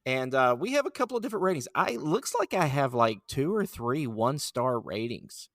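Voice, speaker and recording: A man's voice: medium pitch, very animated, a little fast, fairly bright tone, dry recording, studio quality. A man co-hosting a podcast in casual chat, playful and laughing as he reads out listener reviews. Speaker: podcast host.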